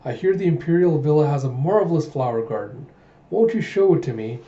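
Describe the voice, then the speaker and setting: A man voicing an arrogant, pushy young nobleman while reading a comic aloud, in a smooth, smug way. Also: a little high, animated, a little fast, mellow, natural voice. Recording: roomy, dull home recording.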